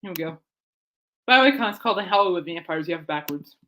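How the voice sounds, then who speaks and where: Excitable rambling woman podcast host. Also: lowish voice, quick pace. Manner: rambling, excitable, trails off and restarts. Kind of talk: rambling casual chat.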